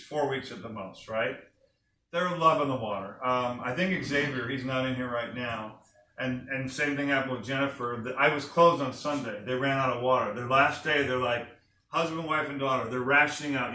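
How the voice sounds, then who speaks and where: A man with a sharp, mid-range voice gives an enthusiastic sales pitch to a small group, questioning the room as he goes. A distant mic picks him up in an echoey room with faint noise.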